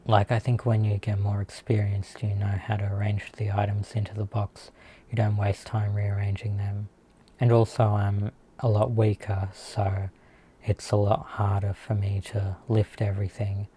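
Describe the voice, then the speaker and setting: Australian man, vlogger, low flat husky voice, hesitant aggrieved rambling. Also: normal speed, a little hiss or hum. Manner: hesitant, full of "like" fillers, aggrieved. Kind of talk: casual monologue about work.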